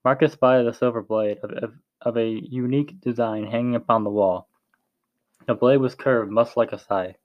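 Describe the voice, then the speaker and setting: A man's voice: mid-range voice, steady tone, moderate pace, no echo, dull audio. A man reading a story aloud in a plain way, with frequent slips and restarts. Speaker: narrator.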